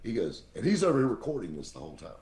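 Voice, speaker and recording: A man with a very deep voice, telling lively stories as a podcast guest and acting out the people he quotes. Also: very fast. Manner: animated anecdote-teller, acts out quoted people. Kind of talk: casual storytelling. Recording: roomy echo.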